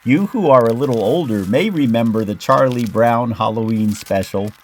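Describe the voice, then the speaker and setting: A man host narrating his rock-collecting channel in a careful, measured, explanatory way, reading a prepared script over footage. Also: on the low side, a little hiss or hum.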